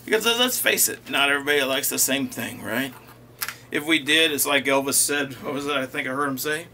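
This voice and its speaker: A man's voice: medium pitch, brisk, slight background noise. A man hosting his own rockabilly music show, chatting casually between songs with easygoing asides. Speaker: rockabilly singer and show host. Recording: loud guitar music under the voice.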